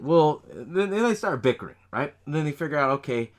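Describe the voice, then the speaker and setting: A man hosting a podcast, casually recapping a horror movie in a profane, animated way, laughing often and acting out the characters' lines. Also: a little high, brisk. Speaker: podcast host.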